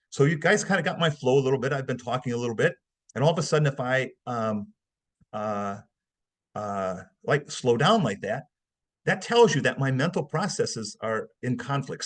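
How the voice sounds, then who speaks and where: Male webinar instructor, husky tone, conversational and emphatic, acts out examples. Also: mid-range voice. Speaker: behavioral analysis instructor. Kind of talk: webinar lecture.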